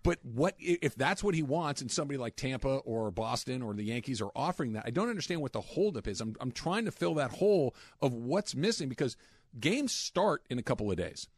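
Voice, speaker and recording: A man's voice: mid-range voice, big pitch swings, fairly quick, slightly rough, no room sound, clean studio sound. A man in his forties hosting a radio show, chatting casually and often repeating words as he thinks. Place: radio studio. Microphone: studio mic.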